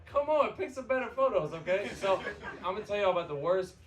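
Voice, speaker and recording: A man's voice: high voice, lively intonation, quick pace. A man from the American South doing a profane, brash stand-up comedy set on a bar stage. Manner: brash, profane, fillers like "okay?". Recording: loud live crowd laughter. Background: audience laughing.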